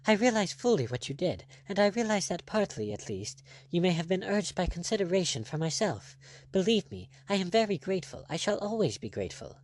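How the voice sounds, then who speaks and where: A man putting on a high, indignant gentlewoman. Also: big pitch swings, brisk. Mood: flustered. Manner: clipped, indignant, formal. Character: proud young gentlewoman, indignant.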